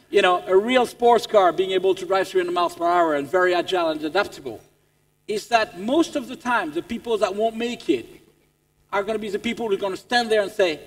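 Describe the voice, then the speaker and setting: A man with a French accent giving an animated motivational business talk to staff. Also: high voice. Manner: animated, repeats words as he restarts. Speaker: keynote speaker. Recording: long reverb in a large hall.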